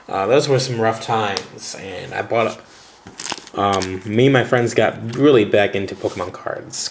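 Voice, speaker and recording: Rambling, chatty man with a low voice. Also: background noise. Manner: rambling and chatty, with fillers and laughs. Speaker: vlogger and teacher. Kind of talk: casual storytelling vlog while unboxing cards.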